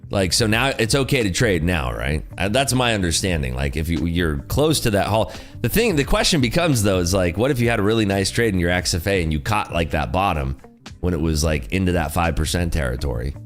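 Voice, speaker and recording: A man's voice: sits low, very animated, fairly quick, faint music behind. A man hosting a day-trading livestream, talking casually and rambling through market chatter with lots of "like" and "you know".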